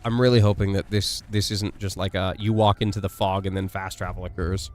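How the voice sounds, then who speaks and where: A man streaming a game live, chatting and commenting in an excitable, jokey way. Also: low voice, measured pace, pauses often, no room sound, soft background music. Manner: excitable, jokey, laughs often.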